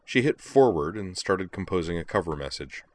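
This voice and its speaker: At a moderate pace, this very low-voiced man reads out a story, keeping his delivery even and steady from line to line. His tone sounds deep and grounded.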